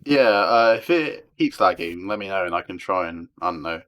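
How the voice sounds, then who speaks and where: A man's voice: low voice, expressive, moderate pace, a bit bright. A man co-streamer chatting easily, repeating little phrases and laughing a lot. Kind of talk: casual chat on a stream.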